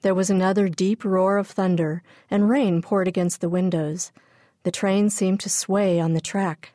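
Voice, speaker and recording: A woman narrating a children's audiobook in a clear, even storytelling manner. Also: medium pitch, unhurried, no room sound, studio quality. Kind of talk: scripted narration.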